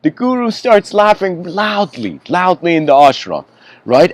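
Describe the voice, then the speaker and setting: A man's voice: high voice, big pitch swings, a little slow, dry recording. A man giving a spiritual lecture, telling a story in a casual, conversational way with frequent asides.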